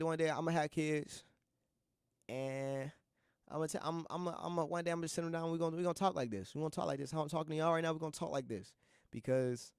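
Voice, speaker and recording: A man's voice: on the high side, a little mellow, clear, resonant tone, no echo, studio quality. A young man hosting a college radio show alone, talking casually in a rambling, slangy, heartfelt way and often repeating himself. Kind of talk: casual solo monologue.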